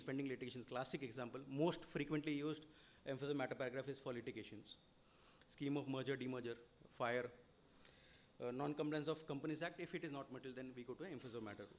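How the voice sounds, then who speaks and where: Slight background noise accompanies a man with an Indian English accent as he rapidly lectures on audit reporting in a seminar. His middle-pitched explanations roll on, filled with "you know" and frequent "okay?".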